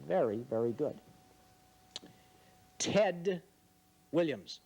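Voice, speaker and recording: A man's voice: on the high side, animated, extremely slow, darkish tone, breathy edge. A man hosting a comedy quiz game in front of an audience, teasing the contestants with wry, mock-serious remarks. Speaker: game show host. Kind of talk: joking quiz-show hosting.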